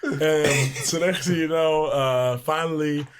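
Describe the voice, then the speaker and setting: Young man telling lively sports stories. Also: a little high, slow pace, clean tone. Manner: lively anecdotes, mimics his coaches' voices, laughs along. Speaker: podcast guest, pro basketball player. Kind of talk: casual storytelling in a sports podcast.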